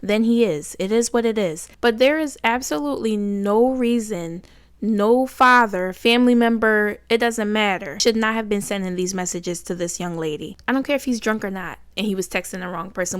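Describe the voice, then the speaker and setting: A woman's voice: mid-range voice, smooth, dry recording, clean studio sound. A woman hosting a reaction channel, reading out text messages in casual commentary and reacting bluntly with exasperation. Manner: blunt, exasperated, rising loud when indignant.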